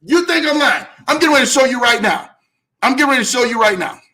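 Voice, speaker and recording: A man hosting a motivational faith talk, preaching with repeated lines and frequent shouting. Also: extremely high pitch, very fast, a little hiss or hum. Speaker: host.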